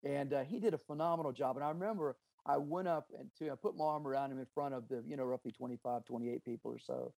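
Earnest middle-aged businessman, mellow voice. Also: medium pitch, fast, gravelly, hardly any pauses, no echo. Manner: earnest, emphatic, anecdotal with quoted dialogue. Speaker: business owner and author. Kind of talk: interview, storytelling about leadership.

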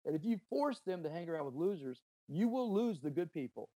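With a brisk, sing-song delivery and a dark tone on the high side, a middle-aged business owner tells leadership stories in an interview. There's no room sound. He's earnest and emphatic, bringing in quoted dialogue.

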